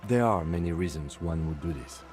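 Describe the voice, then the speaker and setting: A calm, low-voiced police lieutenant. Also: male voice. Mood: measured. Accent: French. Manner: measured, precise, matter-of-fact. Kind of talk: video game dialogue. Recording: soft game music behind.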